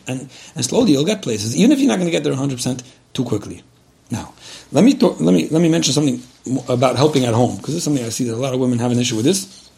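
Fast-talking gravelly man lecturing. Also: medium pitch, a little mellow. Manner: direct, repetitive, frank. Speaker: religious lecturer giving a shiur. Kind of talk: earnest spoken advice lecture.

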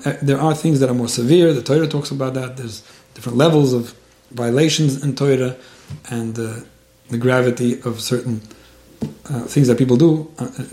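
Fast-talking earnest man, roomy echo. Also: mid-range voice, dark tone. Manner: earnest, stammers and restarts words. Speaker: religious advice speaker. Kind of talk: casual advice talk.

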